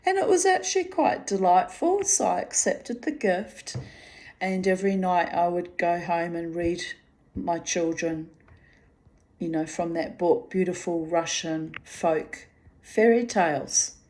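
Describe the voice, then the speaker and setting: A woman's voice: fairly low pitch, steady tone, takes it slowly, darkish tone. A woman in her fifties from New Zealand, telling a rambling personal story straight to her listeners. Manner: rambling, chatty, addresses listeners directly.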